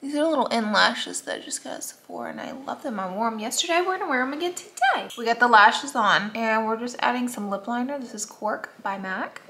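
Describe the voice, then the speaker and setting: A woman's voice: a little high, expressive, fairly quick, hardly any pauses, noisy background. A woman in her thirties chatting candidly through her makeup routine in a casual vlog, with lots of "like", talking to the camera at home. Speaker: beauty vlogger. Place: home, getting ready at a mirror.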